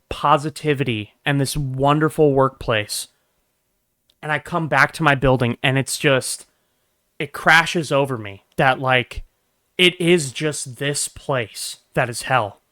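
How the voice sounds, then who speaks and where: A young man telling a workplace story in a casual, profane, animated rant, swinging between low mutters and loud bursts. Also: slow pace. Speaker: vlogger.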